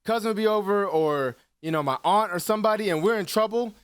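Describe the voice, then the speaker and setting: A man's voice: high-pitched, fast talker, clean tone, no echo. A man in his twenties, co-hosting a podcast, telling stories in casual chat with lots of laughter and swearing. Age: 20s. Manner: animated storyteller, laughs a lot, swears freely. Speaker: podcast co-host.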